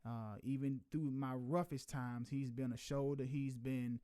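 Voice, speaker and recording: A man's voice: mid-range voice, steady tone, a little slow, warm tone, clear, resonant tone. A man hosting a casual chat, earnest and heartfelt, filling his speech with "man.". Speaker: host.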